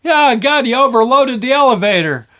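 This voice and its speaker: A man's voice: very high-pitched, expressive, moderate pace, pushed and bright, pitched above the performer's own voice, full character voice. A man voicing an exasperated male factory foreman who hollers his lines. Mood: exasperated hollering.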